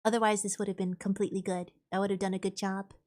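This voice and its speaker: A woman's voice: medium pitch, little pitch movement, quick pace, darkish tone. A woman streamer chatting casually while gaming, thinking aloud and answering chat.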